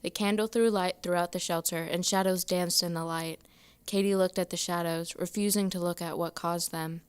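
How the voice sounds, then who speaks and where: A woman slowly reading her own ghost story aloud in a steady voice. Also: on the low side, smooth. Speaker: student reader.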